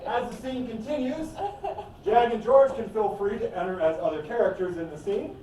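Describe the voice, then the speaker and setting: A man with a high voice runs an improv show, brisk and organizing as he talks to the audience. The sound comes from a distant mic in a very echoey room with faint noise. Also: dark tone.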